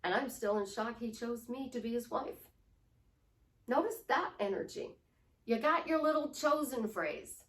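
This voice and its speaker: A middle-aged woman life coach giving a lively coaching talk, acting out affirmations in shifting tones. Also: on the high side, measured pace. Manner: animated, acts out affirmations in different tones. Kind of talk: coaching monologue. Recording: roomy sound from a distant mic.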